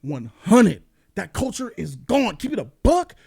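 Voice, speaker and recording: A high-pitched man tears through a comedic movie review. He talks in an animated, profane rant and jumps into voices to act out the people in his stories. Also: a little slow, gravelly, husky. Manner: animated, profane, acts out quotes. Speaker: host.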